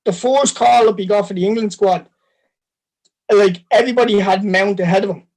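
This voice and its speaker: High-pitched Irish man talking football. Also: moderate pace, darkish tone, rough recording. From Ireland. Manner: conversational, ends lines with "like". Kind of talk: casual football chat.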